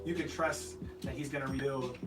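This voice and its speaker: A man's voice: medium pitch, fairly even intonation, normal speed, far from the mic. A man co-hosting a casual sports podcast, rambling through his analysis with many restarts and repeated words. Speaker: podcast co-host. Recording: roomy, off-mic, loud game music.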